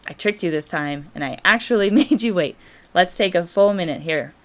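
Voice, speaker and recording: A woman's voice: on the low side, fairly bright tone. Encouraging woman teaching a Spanish grammar lesson. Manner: encouraging, drills conjugations slowly and clearly.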